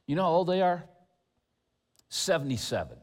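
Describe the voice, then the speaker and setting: A man preaching a sermon as pastor, animated and chatty, with humorous asides. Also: on the high side, normal speed. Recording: long church hall reverb.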